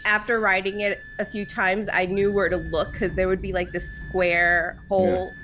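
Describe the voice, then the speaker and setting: Woman, podcast co-host, casual rambling chat, quick to laugh, faint hiss under the voice. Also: medium pitch, level tone, a bit bright, low-quality recording. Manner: chatty, laughs often, many fillers.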